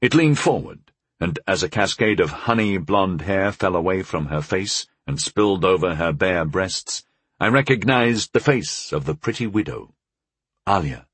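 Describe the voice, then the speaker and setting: A man narrating a first-person fantasy audiobook in a measured, wry storytelling manner, close to the mic. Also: deep voice, lively intonation, a bit bright, husky, no echo.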